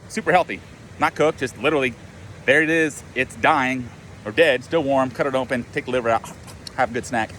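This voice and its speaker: A man's voice: medium pitch, a bit bright, slight background noise. A man and life coach talking in a rambling, profane, self-mocking way in a casual monologue.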